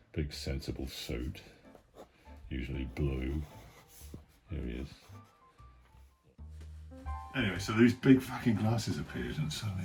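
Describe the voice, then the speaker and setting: A man with a deep voice talks through his sketchbook in his studio. He rambles loosely, mutters asides under his breath, swears casually and chuckles along the way. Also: darkish tone. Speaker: cartoonist.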